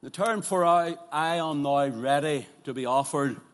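A man preaching a sermon, moving between loud fervent declarations and quiet, pleading questions to his listeners. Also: a little high, unhurried. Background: congregation present, also streamed live.

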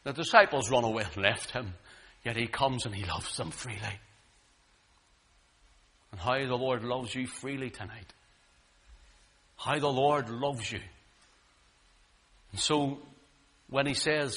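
A man preaching a sermon, swinging dramatically between booming lines and hushed ones. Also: lively intonation, unhurried, pauses often.

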